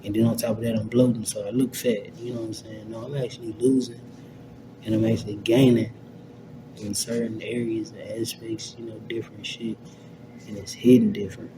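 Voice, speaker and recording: A young man ranting to camera in a casual vlog, slangy and profane, rambling with lots of fillers. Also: fairly quick. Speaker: vlogger. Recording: steady low rumble in background.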